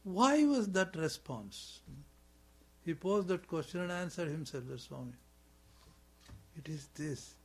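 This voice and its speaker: Guy preaching a scripture talk, chants sanskrit, lots of repeating and questions, voice a bit high. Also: lively intonation, measured pace, long pauses, slightly rough. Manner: chants in Sanskrit, explains with repetition and rhetorical questions. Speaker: swami giving a spiritual talk. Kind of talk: sermon on scripture.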